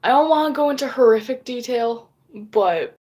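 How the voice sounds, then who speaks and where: A woman's voice: a little high, animated, normal speed, dark tone. A woman vlogger casually telling a long rambling story, swearing often and acting out what others said. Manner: rambling, frequent swearing, acts out quoted lines.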